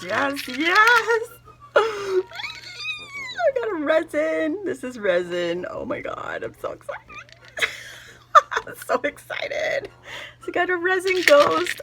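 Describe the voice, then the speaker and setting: A woman's voice: mid-range voice, background noise. A woman gushing and gasping as she opens craft gifts for her vlog audience. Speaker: craft vlogger opening gifts. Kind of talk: casual gift unboxing.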